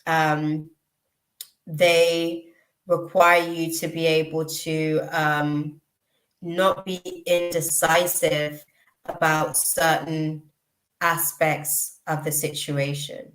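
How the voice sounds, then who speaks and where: A woman gives a live tarot reading in a low-pitched, unhurried voice. She pauses often, restarting her sentences as she feels her way to the message. Her voice carries the echo of a roomy space. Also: little pitch movement. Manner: slow, reflective, with frequent ums and restarts. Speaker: tarot reader.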